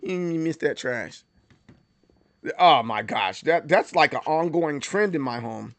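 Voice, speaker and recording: A man's voice: a little high, lively intonation, moderate pace, no echo. A man hosting a livestream, chatting casually and animatedly, with many stammered restarts and bursts of mock outrage. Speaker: livestream host.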